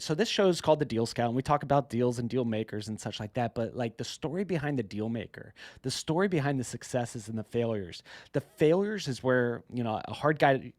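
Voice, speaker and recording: A man's voice: mid-range voice, no echo. A man hosting a podcast, talking in an upbeat, chummy way and calling his guest man and bro. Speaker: podcast host. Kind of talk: casual interview.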